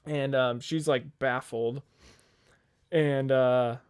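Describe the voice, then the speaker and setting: A man's voice: mid-range voice, steady tone, slow pace, clear, resonant tone. A young man on a podcast telling a long, rambling work story in casual chat, swearing freely and quoting the people in it. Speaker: podcast co-host.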